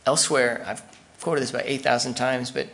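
A pastor delivers a sermon in a relaxed, conversational way, and every so often he acts out the voices of the people in his examples. His voice sits at an ordinary pitch for a man and carries a noticeable gravelly rasp. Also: fairly quick, a little hiss or hum.

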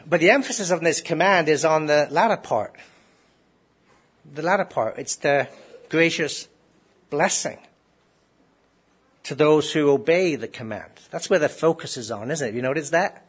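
A man's voice: on the high side, normal speed, long pauses, husky. A man preaching a sermon to a congregation in a conversational way, often asking rhetorical questions. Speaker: pastor.

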